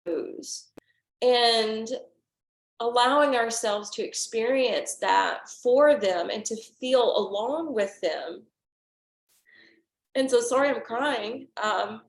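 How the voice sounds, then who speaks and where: A woman in her forties, a yoga teacher talking through a gentle class in a soft, halting, heartfelt way. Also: on the high side. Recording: echoey room.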